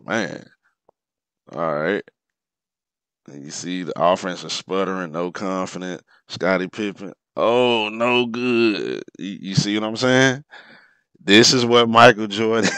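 A man giving casual, animated commentary over a basketball replay, exclaiming and reacting to each play. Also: deep voice, measured pace, clean tone, no room sound. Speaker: sports commentator.

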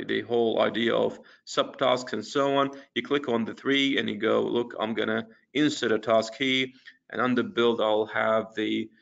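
Gravelly man demoing software. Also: mid-range voice. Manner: casual, many fillers and restarts while clicking through screens. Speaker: webinar presenter. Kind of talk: software demo walkthrough. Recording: dull lo-fi webinar audio.

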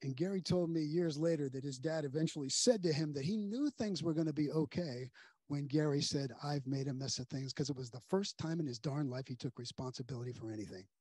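Guy pastor telling a sermon story, kinda high husky voice, dry sound, goes real quiet on the heavy parts. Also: fairly quick, dry recording. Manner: earnest storyteller, drops to soft hushed tones at grave moments. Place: church sanctuary.

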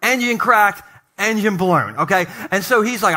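A male pastor preaching to his congregation, telling humorous personal stories with animated asides. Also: high voice, moderate pace. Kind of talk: sermon. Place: church sanctuary.

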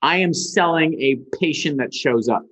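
A man being interviewed as a guest, telling a story with lively energy. He talks casually, swears freely and acts out the people in his story. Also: fairly high pitch, normal speed. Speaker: guest, ad agency founder. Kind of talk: animated storytelling. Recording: dull lo-fi sound.

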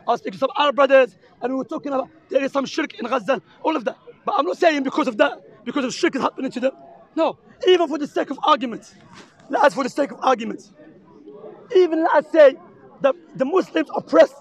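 A man with an Arabic accent, preaching heatedly and insistently to a crowd outdoors in a public park, repeating his points. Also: extremely high pitch. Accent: Arabic-accented English. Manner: impassioned, insistent, repeats himself. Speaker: street preacher debating a crowd. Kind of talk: heated street debate.

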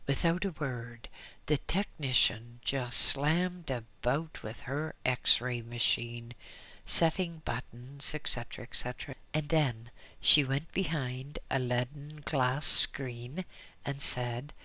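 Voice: mid-range voice, slow, pushed and bright, dry recording. A reader narrating a first-person memoir with dry, wry asides. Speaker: audiobook reader.

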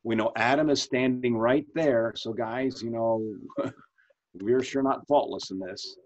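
This fifties-aged pastor guides a Bible study over a video call in a medium-pitched, slightly slow and slightly mellow voice. He talks casually, asks questions and keeps restarting sentences, and the call sound is dull and lo-fi.

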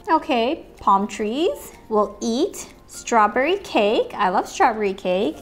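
A woman hosting a playful toy unboxing, cracking puns and making little sound effects and animal noises as she goes. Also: a little high.

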